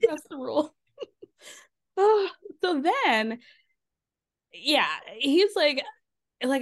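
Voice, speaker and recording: A woman's voice: sits high, slow, pauses often. A woman hosting a podcast, recapping a reality show in casual chat, acting out quotes with lots of swearing. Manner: animated, swearing, acts out quotes. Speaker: podcast host.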